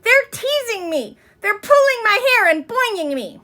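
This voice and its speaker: A woman's voice: very high-pitched, sing-song, measured pace, sharp tone, voice pushed up, exaggerated voice. A woman voicing a prim little girl who whines and complains. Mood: upset whining. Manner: whiny, complaining.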